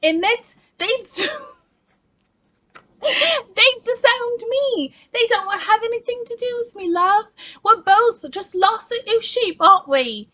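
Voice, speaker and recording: A woman's voice: very high-pitched, expressive, takes it slowly, bright, forceful tone, voice pushed up, heavily acted. A woman voicing a cloying, self-pitying fake-aristocrat heiress in a campy put-on accent.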